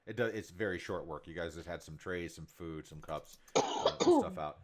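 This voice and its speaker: Deep-voiced male game master, narrates scenes in detail with lots of ums, low and steady. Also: moderate pace. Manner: descriptive, filler-heavy.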